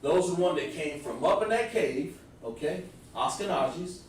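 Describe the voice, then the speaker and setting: A man's voice: on the high side, lively intonation, normal speed, slight background noise. A man teaching a scripture class. He explains the meaning of words step by step and talks directly to the people listening. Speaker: religious teacher. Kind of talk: live-streamed scripture class. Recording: very echoey room, far from the mic.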